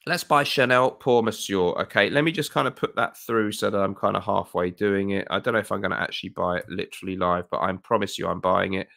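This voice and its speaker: A man's voice: low voice, steady tone, quick pace, gravelly, few pauses, pushed and bright. A man in his forties from England hosting a casual fragrance livestream, chatty and self-deprecating, thinking aloud as he shops.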